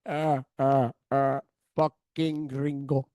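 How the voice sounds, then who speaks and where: A man voicing a laughing, scornful male gunman with a slow, low drawl. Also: little pitch movement, mellow, dry recording, studio quality, lightly acted. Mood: mocking.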